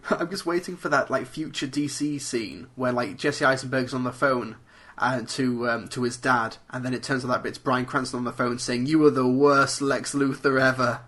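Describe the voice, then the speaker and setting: A man's voice: mid-range voice, steady tone, normal speed, sharp tone, husky. A man co-hosting a casual podcast chat, jokey and playful. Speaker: podcast co-host.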